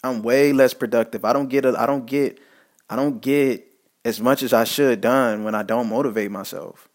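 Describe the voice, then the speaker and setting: A man delivering a loose, unscripted pep talk at a medium pitch. He circles back on his points, stumbles through restarts and drops preachy asides as he presses his listeners to push themselves. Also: fairly even intonation, normal speed. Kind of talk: casual motivational monologue.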